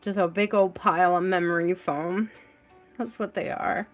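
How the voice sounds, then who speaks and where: A woman's voice: on the low side, steady tone, moderate pace, soft background music. A woman hosting a tarot live stream from home, chatting casually, greeting viewers by name and laughing often.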